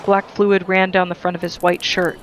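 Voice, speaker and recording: A reader giving a steady, earnest first-person reading of a novel. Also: medium pitch, moderate pace, a little hiss or hum, low-quality recording. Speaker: audiobook reader.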